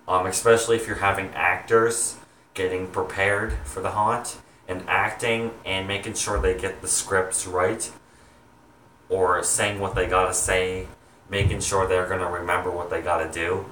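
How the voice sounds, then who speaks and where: Young man, halting casual chat, echoey room, faint hiss. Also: low-pitched, level tone, fairly bright tone, distant mic. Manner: halting, many ums and restarts. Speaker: vlogger, home haunt maker. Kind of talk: rambling casual chat to viewers.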